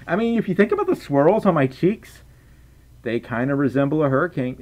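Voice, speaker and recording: A man's voice: on the high side, very animated, brisk, a little mellow. A young man chatting casually on a livestream, reading out chat and donations with playful stammers and restarts.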